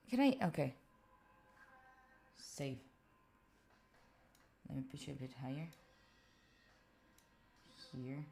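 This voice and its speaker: Her voice is low-pitched and dark in tone. She's an Italian live streamer, Italian her first language, who chatters casually to viewers, speaking straight to chat and thinking aloud during setup.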